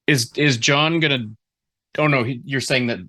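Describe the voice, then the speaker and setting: In a casual call, a writing mentor critiques a writer's story chapter, rambling and restarting sentences as he thinks aloud. He speaks at normal speed in a medium-pitched, sharp-toned voice with fairly even intonation.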